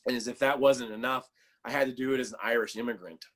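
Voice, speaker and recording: A man's voice: mid-range voice, steady tone, fast talker, fairly bright tone. A man talking as a guest on a casual podcast, telling stories loosely with lots of fillers and a sarcastic sense of humor. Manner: loose storytelling full of fillers.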